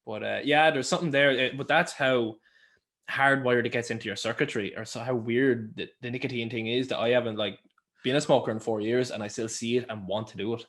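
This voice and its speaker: A man's voice: medium pitch, fairly even intonation, brisk, fairly bright tone. A young Irish man co-hosting a podcast, telling rambling stories in casual chat and swearing freely. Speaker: podcast co-host.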